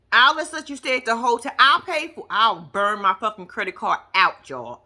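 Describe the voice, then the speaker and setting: A woman giving casual, profane reaction commentary on a reality show, brash and animated. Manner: animated, brash, profane, mimics people in high voices.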